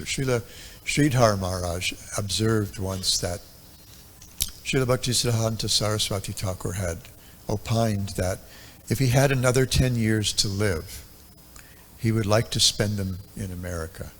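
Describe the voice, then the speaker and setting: A man's voice: fairly low pitch, normal speed, fairly bright tone, slight background noise. A man in his seventies giving a devotional talk at a temple, telling stories from memory in a reflective way with many ums and uhs. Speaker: temple speaker. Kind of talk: reminiscing devotional lecture.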